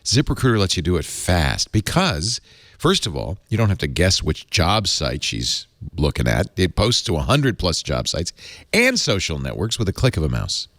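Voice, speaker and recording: Brief: middle-aged male podcast host, low voice, very animated ad read, dry close mic. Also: moderate pace, dry recording. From Rhode Island. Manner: animated, rambling ad delivery with restarts. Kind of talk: casual tech podcast chat and live ad read.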